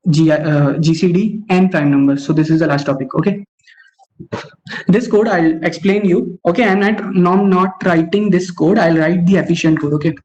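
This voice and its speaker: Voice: mid-range voice, a little mellow. A young adult teaching algorithms in an online webinar, saying okay constantly and correcting themself mid-sentence. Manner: says okay constantly, stops to correct itself. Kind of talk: online coding lecture. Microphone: online call microphone. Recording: dull lo-fi call audio.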